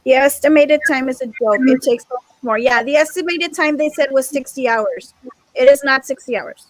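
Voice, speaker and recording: A woman teacher, exasperated and emphatic, keeps repeating her points in a frustrated group-meeting discussion. Her voice is high and at normal speed, captured in a dry, low-quality recording.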